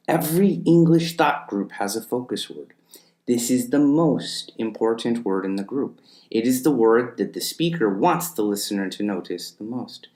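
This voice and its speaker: A man delivers a scripted lesson at an unhurried pace, setting phrases apart with deliberate pauses. His pitch sits in the middle range. The recording picks up a noticeable room echo. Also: a little mellow. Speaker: teacher.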